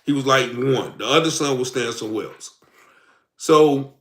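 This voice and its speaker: A man's voice: medium pitch, normal speed, a bit bright, roomy sound. A man telling his own story in a rambling, casual way, acting out the lines of both sides of an argument. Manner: rambling, acts out quoted dialogue.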